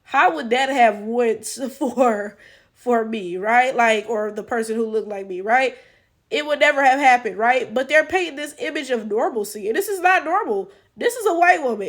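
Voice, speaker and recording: A woman giving blunt, profane, incredulous reaction commentary full of rhetorical questions. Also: high voice. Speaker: reaction channel host.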